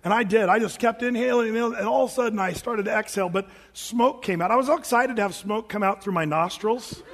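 A man's voice: high voice, quick pace, a bit bright. A man in his forties, a pastor telling stories in a joking, conversational, self-mocking sermon. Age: 40s. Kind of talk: humorous storytelling sermon. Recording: echoey hall reverb.

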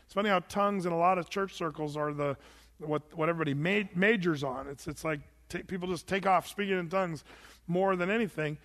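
A man preaching a conversational Bible study sermon as pastor, informal, repeating words and reading scripture aloud slowly, in a church. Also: high-pitched, a bit bright. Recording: long reverb of a church hall.

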